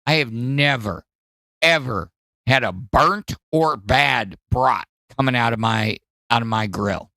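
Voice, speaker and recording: A man from Wisconsin with a Midwestern accent, hosting a podcast and pitching gifts in a hyped salesman style. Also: slow pace, pushed and bright, no echo. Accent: Midwestern American. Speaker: podcast host. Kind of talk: casual chat, gift pitches.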